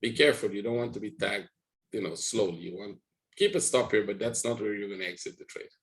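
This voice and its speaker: A man with a somewhat low voice leads a live trading session, talking viewers through his charts. He rambles a little as he thinks aloud. He keeps checking in with his audience as he goes. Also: lively intonation, fast, rough recording. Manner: rambling, talks to viewers with frequent "right?". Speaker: trading educator.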